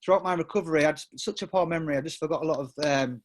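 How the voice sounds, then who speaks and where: A man's voice: fairly high pitch, very fast, slight background noise. A middle-aged man from England, a podcast guest telling stories casually, rambling with many restarts and often laughing. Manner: rambling, self-interrupting with many restarts and fillers. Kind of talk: casual storytelling interview.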